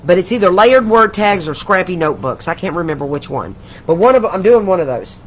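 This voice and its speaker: A woman's voice: fairly low pitch, very animated, fairly quick, a little hiss or hum, poor audio. An older woman, hosting a casual craft livestream from home, chatty and rambling, gushing with affection. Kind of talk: casual live craft chat.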